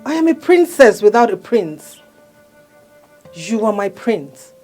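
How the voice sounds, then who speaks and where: A woman playing a seductive, possessive female marine spirit princess, coaxing and commanding in a husky voice. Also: medium pitch, sing-song, slow pace, a little mellow, faint music behind. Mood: pleading, seductive. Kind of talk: film drama acting.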